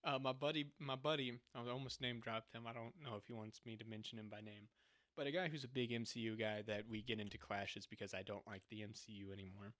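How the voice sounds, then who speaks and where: Talking fast in a low-leaning, steady voice with a bit of brightness, a young man co-hosts a podcast. He's casual and sarcastic, regularly laughing as he makes fun of what he describes.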